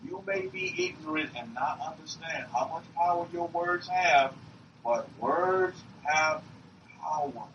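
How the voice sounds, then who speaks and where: A man preaching a sermon to a room, emphatic and repetitive, swinging up and down in pitch. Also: unhurried, fairly bright tone. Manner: emphatic, repeats himself, rises and drops in pitch. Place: meeting room. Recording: roomy, distant, dull lo-fi recording with faint hiss.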